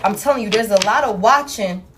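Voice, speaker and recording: A woman's voice: medium pitch, fairly quick. A woman doing a tarot reading for her viewers in casual, blunt, profane talk, calling them y'all. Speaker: tarot reader. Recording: soft music in the background.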